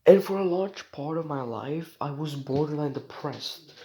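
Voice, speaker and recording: A man's voice: on the high side, lively intonation, a little slow, dark tone, slight background noise, rough recording. A man, talking outdoors in a rambling personal vlog, meandering and repeating himself with plenty of fillers. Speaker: vlogger.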